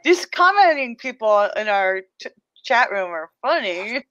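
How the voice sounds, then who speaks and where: High, lively, giggly woman co-host. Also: a little slow, dry recording, dull audio. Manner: giggly, playful teasing. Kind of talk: casual podcast chat.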